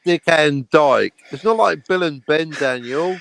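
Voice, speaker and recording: A man's voice: a little high, a little slow, gravelly, fairly bright tone. A man chatting as a guest on a livestream panel, joking around and playing with put-on accents. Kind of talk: casual chat.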